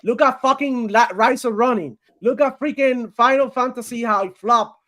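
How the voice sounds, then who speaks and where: Laughing a lot, a live gaming streamer chats in a casual, animated way, cursing and addressing people as bro. He has a very high voice at a moderate pace.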